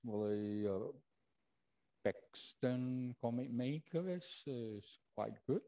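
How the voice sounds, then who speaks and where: A man's voice: mid-range voice, animated, slow, warm tone, low-quality recording. A man teacher with an Indonesian accent, taking roll in an online class and talking with many fillers and restarts. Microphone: video call.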